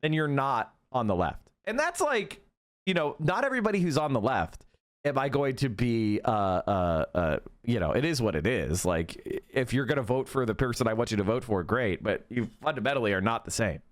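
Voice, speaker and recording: A man's voice: mid-range voice, very animated, normal speed. A man in his thirties hosting a stream, ranting through heated, profane political commentary. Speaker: streamer host.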